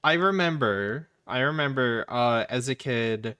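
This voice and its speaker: A man's voice: mid-range voice, lively intonation, a little slow, bright, forceful tone. A man casually telling a long, rambling childhood story on a gaming livestream, with lots of restarts and acted-out quotes. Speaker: livestream host. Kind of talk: casual chat.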